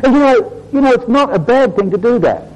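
A man's voice: very high-pitched, lively intonation, brisk, darkish tone, rough recording. A man preaching a sermon, explaining Bible verses to a congregation he calls brothers and sisters. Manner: addresses "brothers and sisters", explains Hebrew word meanings.

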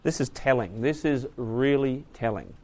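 A man preaching to a class, asking the audience questions and moving between hushed asides and loud emphasis. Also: medium pitch, moderate pace. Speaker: preacher teaching a Bible class. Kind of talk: sermon.

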